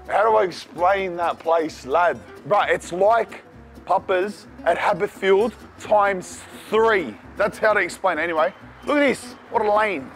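An Australian man reviewing food in a casual vlog, talking in an excitable, slangy way. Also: high-pitched, slow, faint music behind. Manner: slangy and excitable, calls the viewer "cuz". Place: cafes and city streets.

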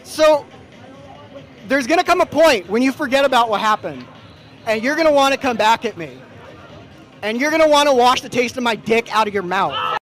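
A man outdoors shouting crude taunts, loud and hyped, heard off-mic over a crowd. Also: extremely high pitch, expressive, normal speed, long pauses, a little hiss or hum. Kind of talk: shouted confrontation.

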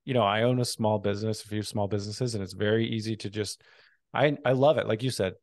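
A man's voice: lowish voice, steady tone, fast talker, darkish tone, no echo, clean studio sound. A man hosting a podcast, giving brief affirmations and reflective comments. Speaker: podcast host. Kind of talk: interview.

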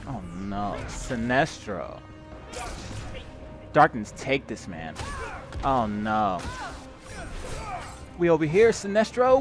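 A man trash-talking his opponent while commentating a fighting game, loud and profane, mocking him with repeated taunts. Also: mid-range voice, sing-song, slow, pauses often, music in the background. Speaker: gaming video host and player.

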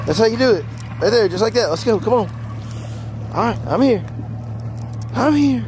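A man talking to his dog outdoors in a high, excited baby-talk voice. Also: moderate pace, background noise. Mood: doting. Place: outdoors by a truck and boat.

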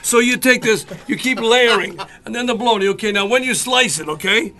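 A man's voice: very high voice, brisk, sharp tone. A man from Canada doing a comic cooking demonstration on a radio show, earnest and showman-like, stumbling over his words.

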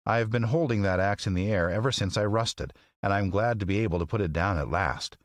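A man voicing a polite, grateful tin man, speaking slowly and deliberately in a raised voice. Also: lowish voice, no echo, studio quality, lightly acted. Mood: pleading. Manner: slow, raised, deliberate speech.

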